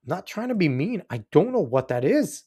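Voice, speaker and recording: Animated, mocking male commentary host. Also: fairly high pitch, a little fast, husky. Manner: mocking, profane, animated asides. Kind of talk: reaction commentary over clips.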